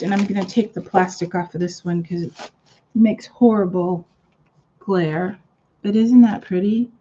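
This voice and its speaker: A woman's voice: on the low side, dark tone, lo-fi sound, a little hiss or hum. A woman hosting a live crafting stream, chatting casually and rambling with lots of fillers. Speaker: crafting channel host.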